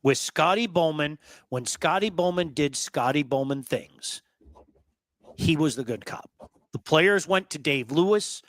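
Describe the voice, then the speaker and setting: A man hosting a casual hockey talk show, telling blunt, animated stories and repeating words for emphasis. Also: a little high, a little slow, no room sound. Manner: blunt, swears.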